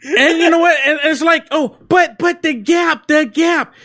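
A man's voice: very high voice, unhurried, fairly bright tone. A man co-hosting a casual political chat, emphatic and peppering his talk with "dude". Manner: emphatic, keeps saying dude. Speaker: podcast co-host.

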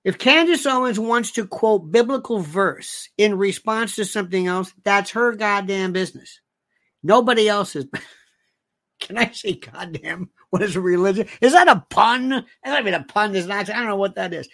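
A man's voice: high voice, moderate pace, a bit bright. A man hosting his own show, delivering an emphatic, opinionated monologue and repeating himself for emphasis. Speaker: show host.

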